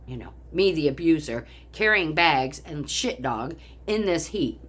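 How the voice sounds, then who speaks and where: A woman's voice: deep voice, animated, measured pace, fairly bright tone, husky. An older woman vlogger telling a story angrily, in a heated, profane rant. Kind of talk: angry personal storytelling.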